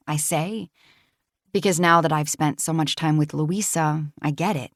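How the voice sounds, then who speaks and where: A woman reading a novel aloud in first person, calm and measured, as an audiobook narrator. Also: sits low, no echo, clean studio sound.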